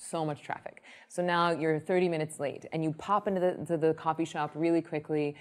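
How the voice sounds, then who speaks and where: A woman who teaches meditation, explaining her method in a lively way and telling an example story. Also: low voice, a little fast. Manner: lively storyteller, acts out quoted people.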